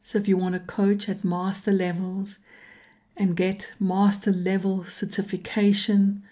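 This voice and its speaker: A woman coaching instructor speaking slowly and deliberately, with a mellow, relaxed tone. She stresses key points calmly and now and then drops to a soft whisper for emphasis. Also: medium pitch. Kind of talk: tutorial talk to camera.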